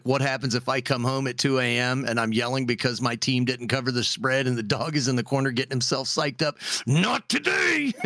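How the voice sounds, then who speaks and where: A man co-hosting a podcast with a bright, forceful voice that sounds very dry and close to the mic. He chats casually and acts out comedy bits in animated retellings. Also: medium pitch, dry recording. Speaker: podcast co-host. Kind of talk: casual chat.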